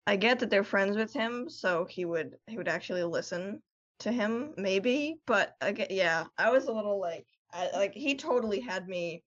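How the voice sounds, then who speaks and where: A woman co-hosting a podcast, chatting casually, relaxed and swearing now and then. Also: medium pitch, normal speed, highs cut off. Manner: relaxed, swears casually, short agreeing replies. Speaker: podcast co-host. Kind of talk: casual chat.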